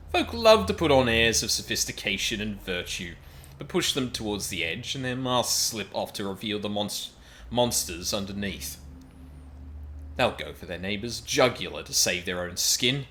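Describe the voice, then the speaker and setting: A man's voice: fairly low pitch, sharp tone, slight background noise, pitched above the performer's own voice. A man voicing a sneering male villain in a game, delivering a mocking, lecturing speech. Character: sneering male villain who exposes people's true faces. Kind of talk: reading game dialogue aloud in voices.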